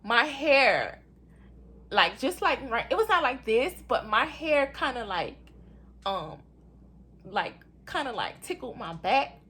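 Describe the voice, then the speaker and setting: Taking her time, a young woman with a husky voice casually tells her viewers her own story. She's animated, keeps saying "y'all," and reenacts what people said in a high voice.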